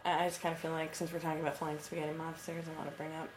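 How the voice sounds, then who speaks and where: A woman's voice: low voice, monotone, racing, noisy background. A woman in her twenties co-hosting a casual podcast chat, telling a story in a chatty way and swearing freely. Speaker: podcast co-host. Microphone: computer mic.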